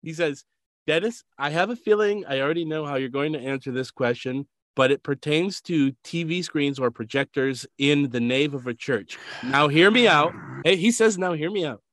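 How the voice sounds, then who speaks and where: A man's voice: on the high side, moderate pace, no echo. A man co-hosting a podcast who reads listener questions aloud and laughs easily. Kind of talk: casual podcast chat.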